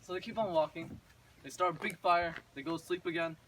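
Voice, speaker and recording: A man with a fairly high voice retells a fairy tale in loose, rambling speech, stumbling through restarts and fillers. He sounds some way from the mic, with a faint hiss behind him. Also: steady tone, a little fast, a bit bright. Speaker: storyteller. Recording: distant mic with faint noise.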